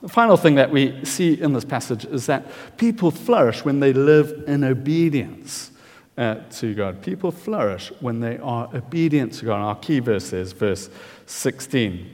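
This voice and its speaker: A man preaching an evening sermon, emphatic and pausing often on fillers. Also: mid-range voice, lively intonation, a little mellow. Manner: emphatic, with frequent filler pauses. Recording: long hall reverb.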